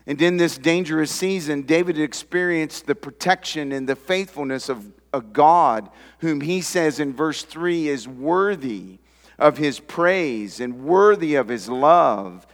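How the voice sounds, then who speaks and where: A man preaching a sermon as pastor, with emphatic swells in pitch and volume. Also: fairly bright tone. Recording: long hall reverb.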